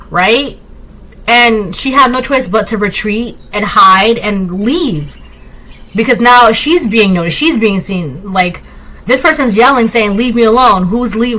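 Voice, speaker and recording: A woman's voice: on the high side, bright, forceful tone, poor audio. A woman doing a casual tarot reading, talking emphatically and often tagging lines with "right?". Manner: emphatic, repetitive, rhetorical "right?" asides. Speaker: tarot reader.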